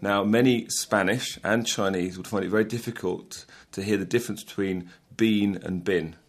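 A man's voice: on the low side, steady tone, a little fast. A man who is an English teacher, explaining thoughtfully in an interview clip. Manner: thoughtful, with restarts.

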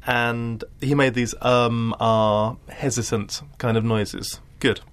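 A man's voice: mid-range voice, fairly even intonation, a little slow. A man teaching an English class, patient and encouraging with his students.

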